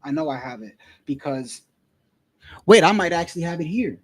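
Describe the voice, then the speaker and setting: A man's voice: fairly high pitch, lively intonation, moderate pace, no echo. A man giving casual, heated commentary, profane and repeating himself as he rants. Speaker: boxing commentary streamer.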